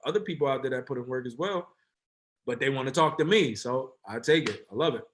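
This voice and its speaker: A man in his thirties from New Jersey, a former football player telling a story as a guest in a casual, animated, slang-filled way. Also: medium pitch, brisk, slight background noise. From Essex County, New Jersey. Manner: animated, rambling with slang and self-corrections.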